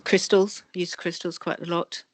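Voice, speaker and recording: A woman guest on a video call interview, calmly explaining energy healing. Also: fairly low pitch, normal speed. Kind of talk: interview answers.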